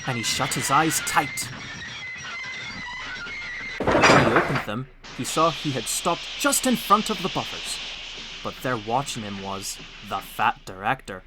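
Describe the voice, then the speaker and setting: A man narrating a storybook audiobook with expressive, animated storytelling. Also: medium pitch, unhurried, long pauses, very noisy.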